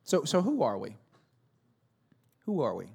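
A middle-aged man preaching a sermon as a pastor, telling stories with humor and swinging between loud and hushed delivery. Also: mid-range voice, wildly swooping pitch, a little slow, creaky, husky.

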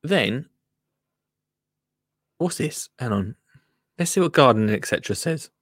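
A man's voice: mid-range voice, lively intonation, measured pace, no room sound, studio quality. A man hosting a podcast, reading out gardening news in a rambling, jokey way that keeps breaking off to comment. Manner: rambling, self-interrupting, jokey. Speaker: podcast host.

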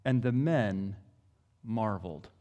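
A man preaching a sermon, telling the story with expressive delivery. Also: lowish voice, takes it slowly.

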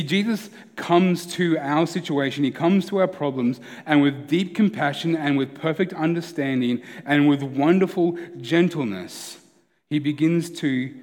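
A man's voice: fairly high pitch, darkish tone, long reverb tail. A man preaching a sermon as a pastor, conversational and earnest, often restarting his sentences.

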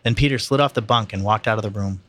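A man's voice: fairly low pitch, fast, fairly bright tone, no echo. A man reading a novel aloud in a plain, unpolished way, with slips and restarts. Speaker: reader.

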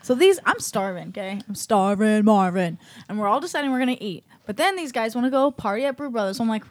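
A woman telling a lively story in a casual chat with friends, laughing mid-sentence and cussing casually. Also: a little high, fast, dry recording.

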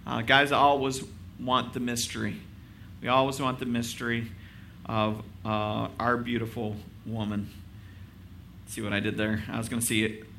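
A man's voice: medium pitch, flat delivery, moderate pace, gravelly, sharp tone, slight background noise. A male pastor preaching a sermon in a casual, conversational way. He makes self-deprecating jokes and keeps asking his listeners rhetorical questions.

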